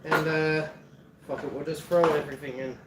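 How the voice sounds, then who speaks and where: Here the cooking streamer's voice is on the high side and flat, moving at normal speed as he talks casually over his cooking, laughing often and swearing freely. A distant mic picks up roomy echo and faint background noise.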